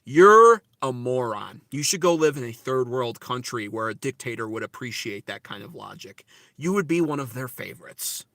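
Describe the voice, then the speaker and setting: Give me a man hosting a political livestream with an American accent, reading and mocking chat in a loud, cutting rant. His voice is bright and forceful, and the recording is dry and close, like a small car interior. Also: mid-range voice, expressive, normal speed, vocal fry, dry recording. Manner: brash, profane, ranting. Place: inside a car.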